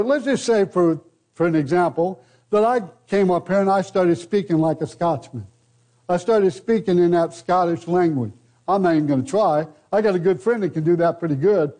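An older American man preaching a sermon, slow and deliberate, with rhetorical questions and repeated phrases. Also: high-pitched, mellow. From United States.

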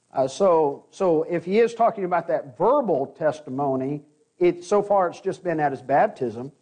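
A man's voice: high-pitched, a little mellow. A man preaching an expository sermon, explaining scripture verse by verse and reading passages aloud in an earnest tone.

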